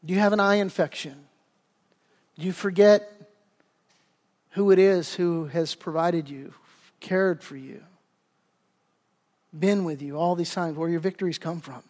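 A man preaching a sermon as pastor, animated, acting out the voices he quotes. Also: high voice, measured pace, long pauses. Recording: long hall reverb.

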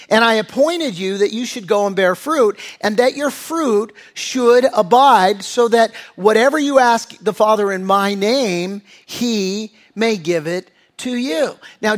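A male pastor preaching a sermon in earnest, with fillers and restarts, sometimes acting out voices from the scriptures. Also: sits high.

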